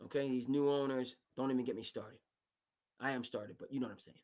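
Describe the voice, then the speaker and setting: A man hosting a live sports talk stream, talking in an animated, emphatic way and now and then mimicking team owners. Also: mid-range voice, quick pace.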